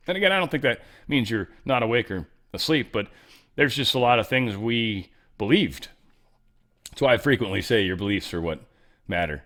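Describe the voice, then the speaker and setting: A man's voice: sits low, a bit bright. A middle-aged man hosting a talk show, giving rambling, sarcastic commentary with offhand asides. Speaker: show host. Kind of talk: casual news commentary.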